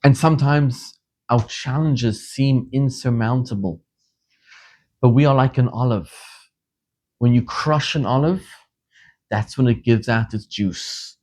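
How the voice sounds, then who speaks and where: A rabbi from Zimbabwe delivers a sermon, his pitch sitting in a middle range. He retells scripture in an animated, emphatic way, pressing hard on key words. His pace shifts as he builds the story.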